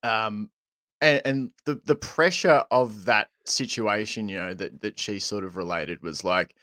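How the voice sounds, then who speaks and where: A man, hosting a podcast and asking long, halting questions. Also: lowish voice, bright, forceful tone, dry recording. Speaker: podcast host. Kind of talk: casual podcast interview.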